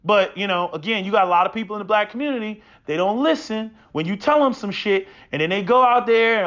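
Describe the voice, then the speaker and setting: A man with a high-pitched voice delivers a preachy, swear-filled monologue. He keeps tripping into stammered restarts before pushing on. The recording sounds dull and lo-fi. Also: fast, hardly any pauses, fairly bright tone. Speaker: podcast host. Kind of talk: profane opinion monologue.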